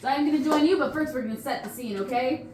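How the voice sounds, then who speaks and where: A woman's voice: sits high, fast, darkish tone. A young woman guiding a ghost tour, telling scripted stories with playful puns and chatting with the crowd. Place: outdoors on a night tour stop. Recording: echoey, distant, faint noise.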